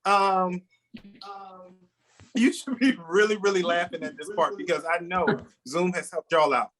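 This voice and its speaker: A man's voice: high-pitched, unhurried, crowd noise, low-quality recording. A middle-aged man performing a rambling stand-up comedy set over a video call, with lots of restarts as he tells stories about his family. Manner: rambling storytelling with frequent restarts.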